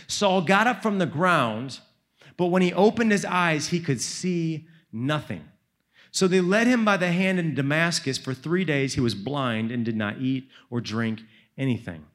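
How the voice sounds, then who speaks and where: A man's voice: on the high side, fairly bright tone. A young man preaching to a youth retreat, retelling scripture in a casual, slangy, dramatic way. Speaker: youth speaker. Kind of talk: sermon.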